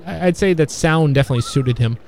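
A man in casual conversation about old films, talking in a halting, rambling way with many fillers and restarts. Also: fairly high pitch, a little mellow, a little hiss or hum. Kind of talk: casual film discussion.

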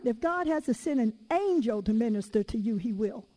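Lady preacher, high voice, telling stories in her sermon, chatty and lively. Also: normal speed, hardly any pauses, poor audio. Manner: lively conversational storytelling; casual everyday phrasing.

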